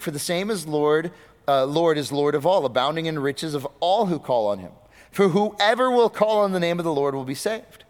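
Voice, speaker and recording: A man preaching a sermon, asking his listeners rhetorical questions and swinging between loud, high bursts and low, quiet stretches. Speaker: pastor. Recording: long reverb of a hall.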